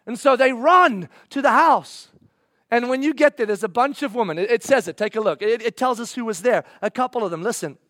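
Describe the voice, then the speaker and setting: A man preaching a sermon, acting out scenes in voices and swinging from loud bursts to hushed, slow passages. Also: extremely high pitch, dry recording, clean studio sound.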